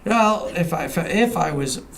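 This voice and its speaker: A man's voice: fairly high pitch, expressive, a little fast, vocal fry, noisy background. A man in his fifties, a professional golfer, answering interview questions in an easygoing, hesitant way with frequent fillers. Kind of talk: casual interview chat.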